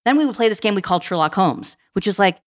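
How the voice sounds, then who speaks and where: A woman guest on a podcast, telling stories in a casual, animated way and acting out bits of dialogue. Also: mid-range voice. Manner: animated, quick, acts out dialogue. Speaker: podcast guest, tech program director. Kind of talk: casual storytelling.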